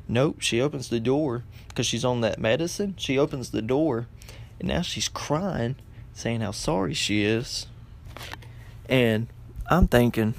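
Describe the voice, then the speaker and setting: A man's voice: mid-range voice, lively intonation, normal speed, gravelly, slight background noise. A young man telling a funny story in a rambling way, with lots of fillers and restarts. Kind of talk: casual comedic storytelling.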